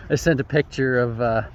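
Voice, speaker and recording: A man's voice: mid-range voice, muffled recording, slight background noise. A man casually narrating a travel vlog outdoors, easygoing and chatty, laughing often. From Canada. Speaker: outdoor vlogger.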